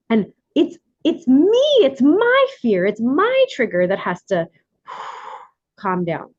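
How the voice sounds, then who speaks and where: In dull audio, a woman in her forties speaks a little slowly with a voice on the high side. As workshop host, she addresses the group casually and with animation, laughing and coaching warmly.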